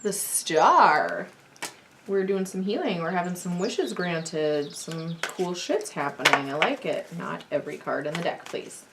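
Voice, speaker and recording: Woman tarot reader, casual and sassy, at home, with clear background noise. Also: on the low side, measured pace. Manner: chatty, sassy and swearing.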